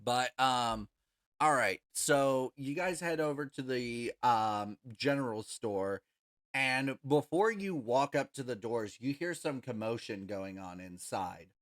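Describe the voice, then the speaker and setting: Slow-talking game master with a bright, forward tone and a halting, um-filled delivery. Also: mid-range voice, lively intonation. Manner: halting, full of ums. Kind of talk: narrating a tabletop game.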